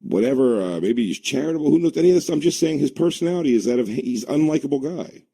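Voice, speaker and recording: A man's voice: mid-range voice, expressive, quick pace, creaky, dark tone, breathy edge. A man co-hosting a comedy podcast, rambling through laid-back banter. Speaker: podcast co-host. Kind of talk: casual comedy chat.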